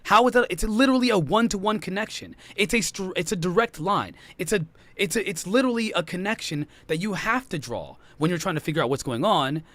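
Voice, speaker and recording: Rapid-fire male debater, insistent, exasperated. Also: high voice, animated, fairly bright tone, no echo. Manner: fast, insistent, frustrated arguing. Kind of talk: heated debate.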